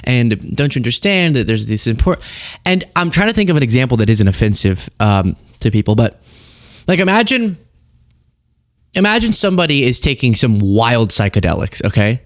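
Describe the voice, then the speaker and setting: Animated sarcastic male commentator. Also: medium pitch. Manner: animated, sarcastic, acts out exaggerated voices. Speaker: political commentary host. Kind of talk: casual political commentary.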